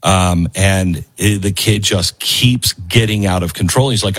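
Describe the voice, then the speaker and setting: A man's voice: sits low, a little slow. A man hosting a commentary show, talking emphatically over a video clip he plays and repeating lines for stress.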